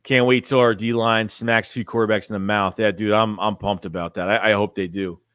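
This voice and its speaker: A man's voice: on the low side, fairly even intonation, normal speed, fairly bright tone, clear, resonant tone, no echo, clean studio sound. A man casually chatting on a sports live stream, rambling and full of fillers.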